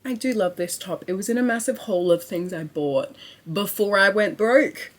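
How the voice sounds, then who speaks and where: A young woman chatting to camera in a casual vlog, excitable and rambling, with lots of swearing and filler words. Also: mid-range voice, moderate pace. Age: young adult. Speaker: vlogger.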